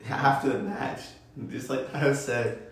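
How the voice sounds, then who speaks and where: A man's voice: mid-range voice, little pitch movement, a little slow. A man co-hosting a podcast, chatting casually and laid-back, with frequent ums and easy laughs. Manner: laid-back, says um often, laughs easily. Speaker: podcast co-host. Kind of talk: casual wrestling review chat. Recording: very echoey room.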